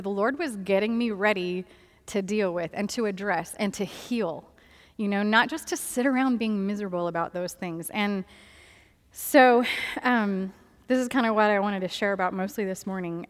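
A woman's voice: on the high side, fairly bright tone, in a large hall. A woman telling a personal testimony in a candid, conversational way, with laughs and many fillers. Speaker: speaker sharing testimony.

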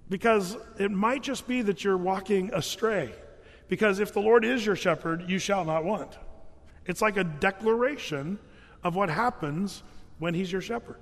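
A man's voice: high voice, normal speed, big-room sound. A man preaching a sermon as pastor, in a conversational way with many fillers and restarts.

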